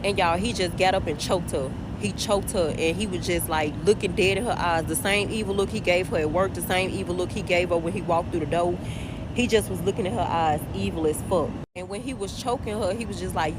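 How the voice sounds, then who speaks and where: A woman casually telling a story, animated and profane, often calling her listeners "y'all". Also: mid-range voice, brisk. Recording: noisy background with passing cars.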